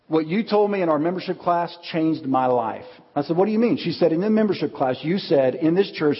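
A man preaching a sermon as pastor, telling stories with lively acted-out quotes. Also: fairly high pitch, husky. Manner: animated storytelling, acts out quotes. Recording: dull audio with long hall reverb.

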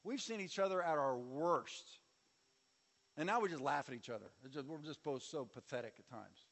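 A man preaching a sermon as pastor, calling on the congregation to repeat after him and swinging between loud and soft. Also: on the high side, expressive, moderate pace. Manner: preaching with audience call-and-response and sweeping shifts in volume. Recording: long reverb of a large hall.

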